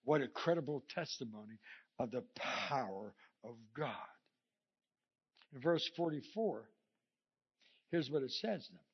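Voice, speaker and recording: A male pastor preaching a sermon, telling stories with lively energy, acting out quotes and chuckling often. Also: medium pitch, measured pace, pauses often, slightly rough. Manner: animated storytelling, acting out the scripture quotes; chuckles often between points. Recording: dull lo-fi sermon recording.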